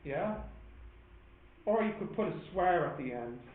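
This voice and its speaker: A man's voice: a little high, lively intonation, measured pace, a little hiss or hum. A man with an Irish accent teaching a maths class, chatty and joking as he explains patiently. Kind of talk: classroom lesson. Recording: echoey classroom on a tinny phone-like line.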